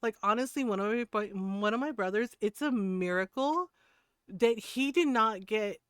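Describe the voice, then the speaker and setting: A woman's voice: fairly high pitch, animated, normal speed, a bit bright, clear, resonant tone, dry recording. Fifties woman streamer, chatty storyteller who laughs a lot, dry clean mic. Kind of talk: casual chat while gaming.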